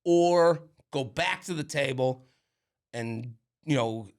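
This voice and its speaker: A man co-hosting a podcast, telling an animated, rambling story in casual chat with lots of fillers and restarts. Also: mid-range voice, slow. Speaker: podcast co-host.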